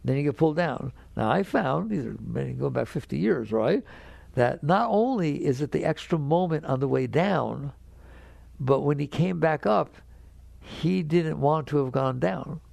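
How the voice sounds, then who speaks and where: A man's voice: expressive, a little slow, gravelly, darkish tone, no echo. An older man, a spiritual teacher, talking directly to an audience and often checking that they follow him. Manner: direct, conversational, keeps checking the audience understands; grows emphatic and higher when making a point.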